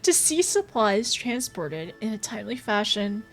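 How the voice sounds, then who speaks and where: A woman's voice: medium pitch, sing-song, measured pace, fairly bright tone. A woman voicing a pompous, sulky young nobleman as she reads game dialogue aloud, in a haughty, complaining, theatrical manner. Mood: haughty sulking.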